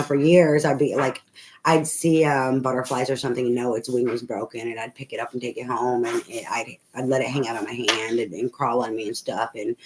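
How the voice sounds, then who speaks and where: A woman giving a casual spoken tarot reading, rambling, swearing freely and laughing often. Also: extremely low pitch. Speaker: tarot reader. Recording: noisy home recording.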